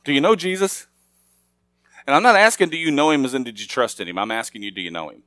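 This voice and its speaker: A middle-aged man preaching a sermon. His voice sits a little high, and he moves from easy, chatty asides to emphatic, raised points. The sound is close and dry, with no room echo. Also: very animated, fast, pushed and bright. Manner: conversational preaching that swells to emphatic, raised passages. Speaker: pastor.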